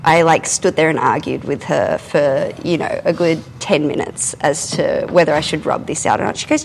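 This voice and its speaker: A young adult woman, telling a candid personal story in a casual, animated way while she works in her art studio. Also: sits low, normal speed, gravelly, hardly any pauses, slight background noise, low-quality recording. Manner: animated, candid, often swears and laughs. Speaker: artist and podcast host. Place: art studio, drawing and climbing ladders while talking.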